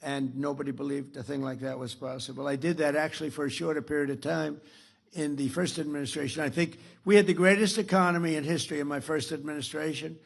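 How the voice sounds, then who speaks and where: An older man in his seventies speaks at a dinner podium, his voice somewhat high and distinctly gravelly. He rambles and boasts, often breaking off mid-sentence to restart or throw in an aside. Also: fairly even intonation, fast. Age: 70s. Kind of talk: political after-dinner speech. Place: dinner event.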